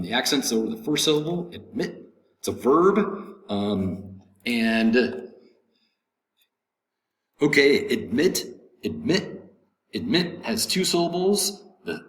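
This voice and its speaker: A male English teacher reading a vocabulary list, repeating each word slowly and giving its syllables, stress and meaning. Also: mid-range voice, a bit bright. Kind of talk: vocabulary lesson recording. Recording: echoey room, faint background noise.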